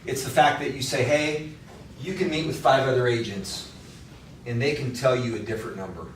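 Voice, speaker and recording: A man's voice: medium pitch, moderate pace, a little hiss or hum. A man giving a casual workshop talk to real estate agents, blunt and conversational, coaching them. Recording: echoey room from far off.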